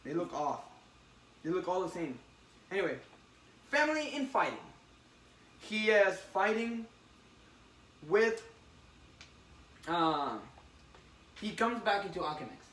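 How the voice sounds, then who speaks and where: A man casually recapping a comic story with a friend. He talks in halting bursts and acts out the characters' lines. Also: sits high. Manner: excited, halting retelling with acted quotes. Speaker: podcast co-host recapping a comic. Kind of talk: casual chat. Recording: roomy, distant mic with faint hiss.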